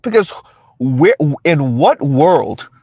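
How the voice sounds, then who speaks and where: High-voiced blunt man lecturing. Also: big pitch swings, takes it slowly, a little mellow, breathy edge, no echo. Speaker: commentary channel host. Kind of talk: casual social media commentary. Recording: dry, dull lo-fi sound.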